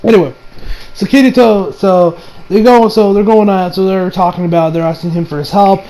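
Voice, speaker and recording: A man giving a casual recap and review of an anime episode, animated and exasperated, laughing and swearing as he talks. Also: sits high, a little fast, low-quality recording.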